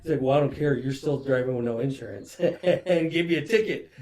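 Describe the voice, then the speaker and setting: A man's voice: mid-range voice, brisk, darkish tone. A man in his forties, a guest telling a long story in casual chat, rambling with constant swearing and "dude".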